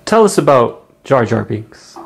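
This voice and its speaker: A man asking brief, deadpan questions as an off-screen interviewer. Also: mid-range voice, a little slow, vocal fry, slightly rough.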